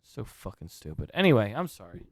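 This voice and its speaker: A man's voice: lowish voice, wildly swooping pitch, brisk, a little mellow, dry recording, studio quality. Swearing man ranting in casual chat. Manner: rambling, swears a lot, rants. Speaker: podcast co-host.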